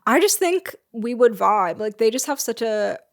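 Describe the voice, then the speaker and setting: Creaky-voiced young woman co-hosting a podcast. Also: fairly high pitch, expressive, moderate pace. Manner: playful, joking, lots of "like" and "um". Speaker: podcast co-host. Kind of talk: casual chat.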